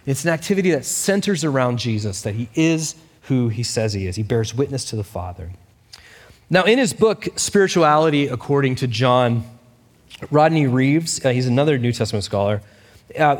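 A man pastor giving a sermon, telling a story with lively emphasis and frequent "um" and "uh" fillers. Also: medium pitch. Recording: reverberant hall.

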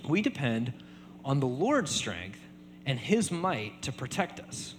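A man preaching a sermon in a relaxed conversational way, often checking in with "right?". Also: mid-range voice, slow pace, in a large hall, a little hiss or hum. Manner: conversational, many fillers and repeated tag questions. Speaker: pastor.

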